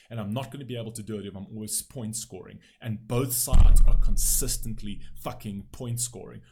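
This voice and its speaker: A man hosting a music reaction video, giving blunt, emphatic commentary with frequent swearing and "right?" tags. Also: medium pitch.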